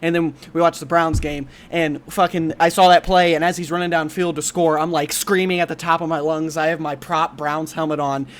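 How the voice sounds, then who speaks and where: A man's voice: on the high side, level tone, fairly quick, few pauses. A man from Ohio co-hosting a casual sports podcast, joking and cursing with heat. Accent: Cleveland, Ohio. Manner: profane, joking, heated. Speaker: podcast co-host.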